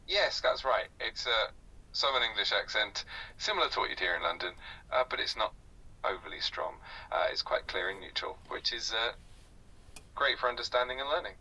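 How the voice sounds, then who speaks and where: A man's voice: on the low side, lively intonation, moderate pace, bright, forceful tone, breathy edge, distant mic, poor audio. A synthetic male conversation partner tutoring a learner in a polite, encouraging way, scattered with "uh" fillers. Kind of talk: patient tutoring chat.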